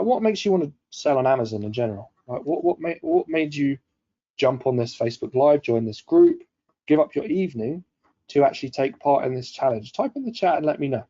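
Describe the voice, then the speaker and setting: A man hosts a live-streamed coaching session, chatty and upbeat as he greets viewers and reads their comments aloud. His voice is deep, dark and mellow. The stream audio is a little dull and lo-fi. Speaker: webinar host.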